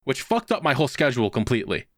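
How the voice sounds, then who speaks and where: A man's voice: medium pitch, very fast, no echo, clean studio sound. A man co-hosting a podcast, telling a work story in casual chat and acting out the quotes. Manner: animated storytelling with voiced quotes. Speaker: podcast co-host.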